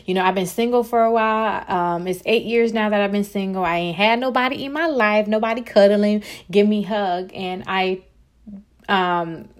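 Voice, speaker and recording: A woman speaking with hosts her own faith podcast. She is chatty and animated, calling her listeners "girl" as she talks. Her pitch sits in an ordinary middle range. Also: moderate pace, clean tone. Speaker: podcast host. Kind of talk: casual faith podcast chat.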